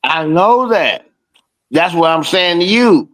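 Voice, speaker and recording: A man in a casual podcast chat, talking while he eats, animated and full of swearing. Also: high-pitched, slow pace, low-quality recording. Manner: profane, animated, talks while eating. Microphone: streaming call.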